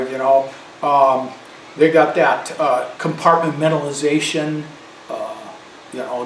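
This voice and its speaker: A man delivering an angry, loud and emphatic political rant as a commentator. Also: fairly high pitch, reverberant, far from the mic, a little hiss or hum, poor audio.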